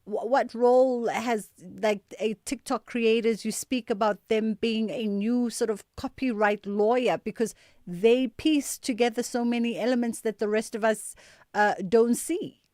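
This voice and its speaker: A woman radio host talks with animated emphasis, stretching out her words. Her voice sits a little high, and the studio sound is close and dry. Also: a little slow, dry recording. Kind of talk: radio talk show discussion.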